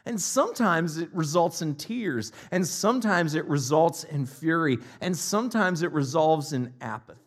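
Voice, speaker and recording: Man preaching, slightly high voice, big swings between loud cries and near-whispers. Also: lively intonation, moderate pace, few pauses. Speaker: pastor. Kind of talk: sermon.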